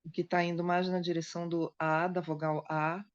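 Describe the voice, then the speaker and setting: A woman's voice: on the low side, flat delivery, a little fast, lo-fi sound. A woman interpreting a singing class into Portuguese and adding her own comments. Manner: paraphrases into Portuguese.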